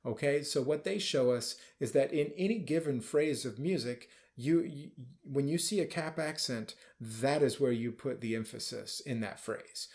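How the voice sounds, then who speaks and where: A man's voice: medium pitch, normal speed, hardly any pauses, a little mellow. Casual, explaining male band conductor. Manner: explains casually, sometimes sings or calls out musical phrases. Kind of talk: rehearsal instruction.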